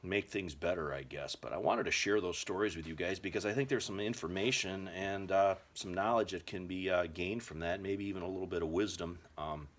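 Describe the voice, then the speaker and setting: A man's voice: low voice, a little fast, few pauses, fairly bright tone. An American man telling survival stories in a folksy, rambling way, full of filler words. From United States. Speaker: survival vlogger. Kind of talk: casual storytelling to camera.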